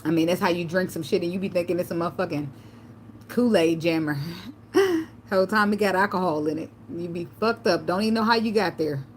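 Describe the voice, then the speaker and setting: A woman vlogger telling loose, profane stories in a relaxed chat, laughing often. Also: lowish voice, a little fast, slight background noise. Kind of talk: casual livestream chat.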